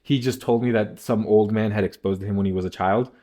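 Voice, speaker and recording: Low-voiced young man rambling a storytime. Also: fairly even intonation, a little fast, dark tone. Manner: rambling, heavy filler words. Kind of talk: casual storytime.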